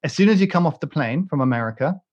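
A man's voice: a little high, animated, fast, darkish tone, breathy edge, muffled recording. A British man hosting a podcast, chatting casually in a rambling, joking way with many restarts and fillers. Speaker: podcast host. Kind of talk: casual chat.

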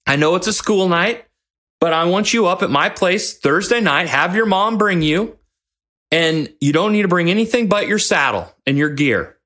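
A man's voice: sits high, lively intonation, moderate pace, bright, forceful tone, voice pushed up. A man voicing his old rodeo coach as a blunt, demanding but caring mentor who talks straight. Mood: encouraging. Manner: scolding, then firmly encouraging.

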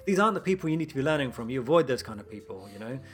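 A young adult man, a doctor, chatting casually and telling stories with lively acted-out quotes. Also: medium pitch, racing. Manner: lively storyteller who acts out quoted exchanges. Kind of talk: casual podcast chat.

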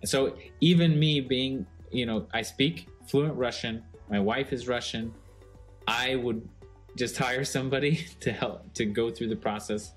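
A man co-hosting a casual podcast chat, relaxed and rambling with lots of fillers. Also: mid-range voice, a little slow, faint music behind. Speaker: co-host.

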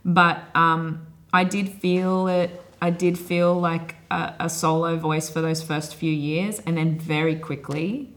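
A woman film director with an Australian accent, talking casually in an interview, animated and full of fillers and restarts. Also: sits low, slow pace. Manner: animated, acts out quotes, many fillers and restarts.

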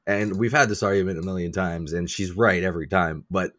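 A man co-hosting a podcast in casual chat, animated, laughing often and swearing freely at himself. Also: low-pitched, brisk, a loud crowd. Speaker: podcast co-host.

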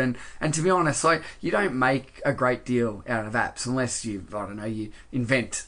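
An Australian man speaking as a podcast guest in an easygoing, rambling way, full of "you know" and "mate". His voice sits at an average pitch for a man, neither high nor deep. He talks like someone chatting late at night after a long day. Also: normal speed, hardly any pauses. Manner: relaxed and rambling, many fillers and "mate". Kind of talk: casual interview chat.

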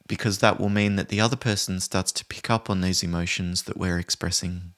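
A man with a notably deep voice, talking through his points in a calm, measured way. He sounds like a trainer explaining conflict-resolution skills in a solo podcast.

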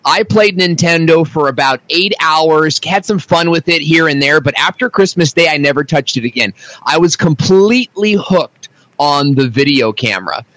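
A man in his thirties, a guest on a podcast, telling his story in an animated, enthusiastic way. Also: a little high, moderate pace, no echo, poor audio. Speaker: podcast guest, video marketing teacher. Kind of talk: casual podcast interview.

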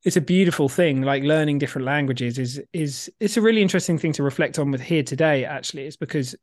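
A man hosting a casual podcast, chatty and rambling, quick to laugh at himself. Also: fairly high pitch. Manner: chatty, rambling, self-deprecating, laughs easily. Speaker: podcast host.

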